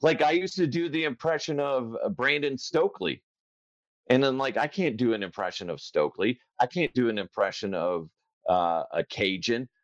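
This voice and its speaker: Animated, joking male podcast host. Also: mid-range voice, normal speed, no echo, lo-fi sound. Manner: joking, animated, slips into voices. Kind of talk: casual chat.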